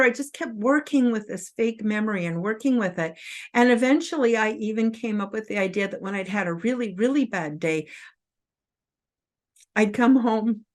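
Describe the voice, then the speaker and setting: A woman in her fifties hosting her own show, telling a personal story to camera in an earnest, openly emotional way, tearful and halting with restarts. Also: fairly high pitch. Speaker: host.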